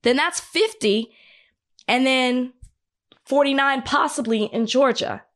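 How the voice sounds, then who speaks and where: A woman's voice: high-pitched, takes it slowly, fairly bright tone. A congested woman, under the weather, co-hosting a casual political chat and thinking aloud with frequent restarts. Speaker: podcast co-host.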